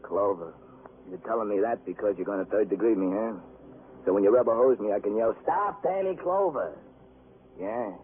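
A man's voice: fairly low pitch, fairly even intonation, fairly quick, natural voice. An actor playing a paranoid, hungover male carnival roustabout jailed as a suspect, wheedling and then screaming in panic, in a 1950s radio drama. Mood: wary. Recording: tinny old radio broadcast with hiss.

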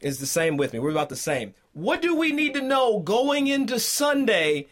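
A man's voice: high voice, very animated, moderate pace, fairly bright tone. A man hosting a casual sports chat show, joking and easygoing with his guest. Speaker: show host.

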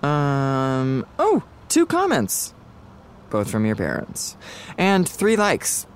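An actress playing a crude, sarcastic young stoner friend in a comedy audio drama. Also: female voice, a bass voice, huge pitch swings, takes it slowly, slight background noise, exaggerated voice. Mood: sardonic. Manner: sardonic, crude, stoner drawl. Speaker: Tommy, Sarah's friend.

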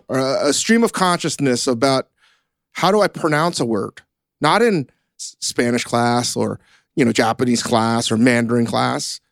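A rambling, self-mocking American man hosting a podcast with casual swearing. His voice sits high, recorded close and dry. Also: dry recording. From United States. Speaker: podcast host. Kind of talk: casual chat.

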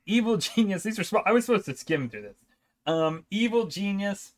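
Upbeat male podcaster, slightly high voice, rambling gaming talk full of restarts. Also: animated, normal speed. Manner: rambling, laughing, self-interrupting. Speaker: podcast co-host. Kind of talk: casual gaming chat.

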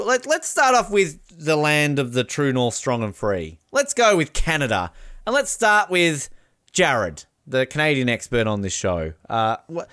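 A man's voice: a little high, a bit bright, smooth. A man hosting a podcast, chatting casually in a joking, rambling way. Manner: joking, rambling, lots of fillers. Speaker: podcast host. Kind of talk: casual chat.

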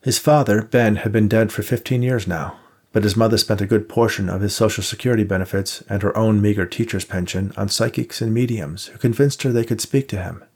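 A man narrating an audiobook in a measured, even way. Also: lowish voice, husky. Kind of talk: scripted narration.

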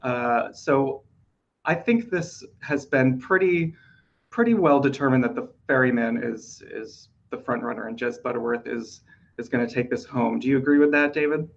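A man's voice: mid-range voice, normal speed, highs cut off. A man hosting a casual awards-prediction podcast, talking chattily with fillers while losing his voice. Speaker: podcast host.

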